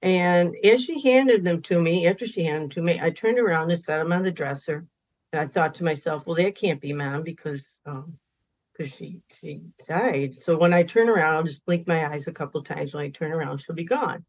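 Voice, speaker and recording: A woman's voice: fairly low pitch, brisk. A woman, a spiritual counselor, earnestly telling a personal story as a podcast guest, at times emphatic. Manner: earnest, emphatic in moments of feeling. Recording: dull lo-fi recording.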